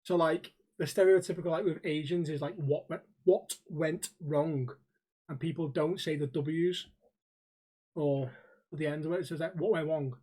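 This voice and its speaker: A man's voice: fairly high pitch, fairly even intonation, moderate pace, darkish tone, husky. A man hosting a podcast, teasing his co-host in casual, unfiltered banter and laughing often.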